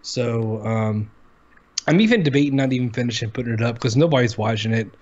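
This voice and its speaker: A man's voice: medium pitch, fairly quick, darkish tone. A man in his thirties co-hosting a casual chat show, talking bluntly, dismissively and with a lot of swearing. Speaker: podcast co-host. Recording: dull lo-fi audio.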